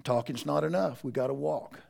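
A man preaching a sermon in church, swinging between quiet, close passages and loud, rising appeals. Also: mid-range voice, a little fast, creaky. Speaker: pastor.

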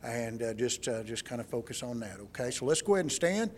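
A man, a pastor, leading an altar call in a church sanctuary, speaking gently with many fillers. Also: mid-range voice, lively intonation, a little fast, slight background noise.

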